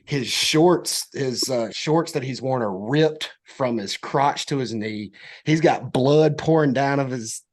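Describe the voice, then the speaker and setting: A young man, a podcast guest telling a story in casual chat, animated and acting out quotes. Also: slow. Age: young adult. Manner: animated storyteller, acts out quotes in high voices.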